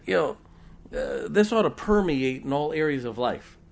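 A man's voice: a little high, sing-song, normal speed, vocal fry. A middle-aged man preaching a sermon as pastor, folksy and often joking and laughing with the congregation.

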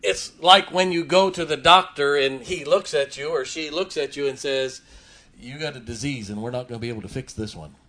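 A man's voice: a little high, a bit bright. A man preaching a sermon to a congregation, folksy and emphatic, repeating his key lines and chuckling between points. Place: church before a congregation.

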